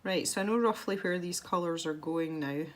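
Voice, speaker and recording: A woman's voice: on the low side, normal speed. A woman talking casually as she colours, giving chatty tutorial tips in a self-deprecating way.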